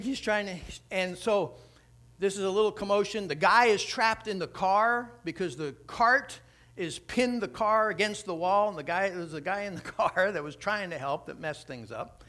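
Bright-voiced man telling a sermon story. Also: sits high, moderate pace. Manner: animated, conversational storytelling. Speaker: preacher.

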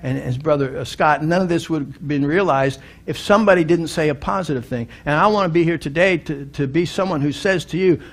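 A middle-aged male pastor preaching a sermon, telling a story earnestly and building to emphatic appeals, often restarting and repeating words. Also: fairly high pitch.

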